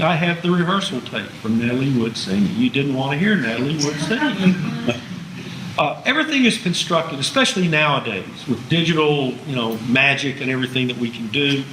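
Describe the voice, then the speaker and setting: Wry, lively man lecturing in a roomy hall. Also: medium pitch, brisk, background noise. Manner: chatty, wry asides to the audience. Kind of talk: public lecture to an audience. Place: museum lecture room.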